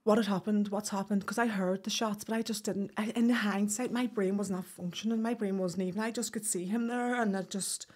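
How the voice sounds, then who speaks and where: A woman speaks in a husky, breathy voice at a middle pitch. She recounts a painful memory in halting bursts, breaking off and restarting, and voices the people in her story. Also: fairly even intonation, a little mellow. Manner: halting, with restarts and quoted speech. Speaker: guest. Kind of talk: emotional personal account.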